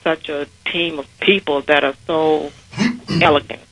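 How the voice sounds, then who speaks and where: A woman's voice: low voice, a little slow, husky, no echo, low-quality recording. A middle-aged woman calling in to a radio show, gushing with gratitude. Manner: grateful, gushing. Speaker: caller, honoree.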